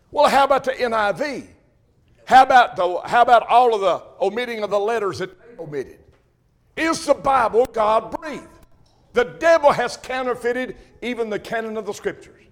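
A man preaching an emphatic sermon to his congregation, repeating phrases and rising to shouts. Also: sits high, animated, moderate pace. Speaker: Baptist preacher.

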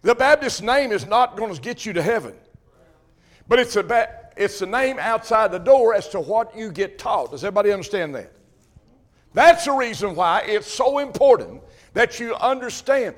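A man preaching an emphatic sermon to his congregation, repeating phrases and rising to shouts. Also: high voice, lively intonation, normal speed. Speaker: Baptist preacher.

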